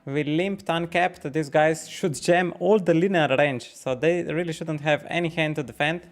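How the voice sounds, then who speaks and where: A man streaming poker, thinking out loud about each hand, swearing often and questioning his own nerves as he talks to his chat. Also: on the high side, normal speed, soft background music. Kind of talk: live-stream commentary while playing.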